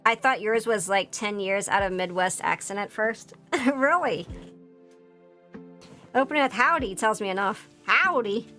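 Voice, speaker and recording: A woman's voice: mid-range voice, unhurried, long pauses, a bit bright. A woman with a Philadelphia accent, chatting casually as a streamer while building a model kit, rambling with lots of fillers and restarts. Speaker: VTuber streamer. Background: faint background music.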